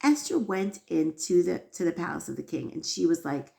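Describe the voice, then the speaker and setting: A woman's voice: lowish voice, big pitch swings, normal speed, creaky, hardly any pauses, mellow. A woman giving an earnest, inspirational religious lesson, telling stories with emphasis. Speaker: Torah teacher.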